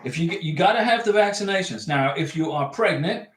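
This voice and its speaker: A man's voice: a little high, animated, brisk. A man hosting a livestream, reading out viewer comments and giving advice in a chatty way, repeating his points for emphasis. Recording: echoey room.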